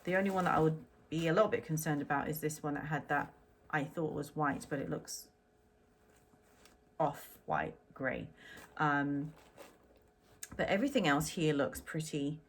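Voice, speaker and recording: A woman's voice: low-pitched, moderate pace, long pauses, a little hiss or hum. A middle-aged woman vlogging a clothing unboxing in a chatty, rambling way with lots of ums. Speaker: fashion vlogger. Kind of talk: casual unboxing chat to camera.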